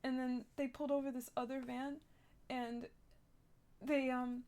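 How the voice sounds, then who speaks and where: High-voiced young woman, rambling role-play story. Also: level tone, measured pace, a little mellow. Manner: rambling, shaken retelling full of "like" and restarts. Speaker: streamer playing a character in a city role-play game.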